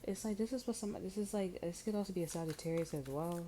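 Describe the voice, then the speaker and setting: A woman's voice: lowish voice, fast talker, dark tone, slight background noise, low-quality recording. A woman giving a casual tarot reading. She talks bluntly and chattily, with frequent swearing and many fillers. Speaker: tarot reader.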